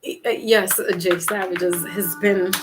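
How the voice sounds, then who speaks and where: A woman's voice: on the low side, steady tone, moderate pace, noisy background. A middle-aged woman hosting a casual livestream chat, laughing often and acting out quotes in her stories. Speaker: livestream host. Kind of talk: casual chat with live viewers.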